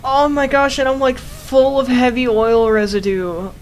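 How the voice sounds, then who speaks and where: This game streamer is a young woman whose voice sits high, with fairly even intonation and a measured pace. Chatting casually over her gameplay, she laughs often, incredulous at what she once built. The low-quality recording carries slight background noise.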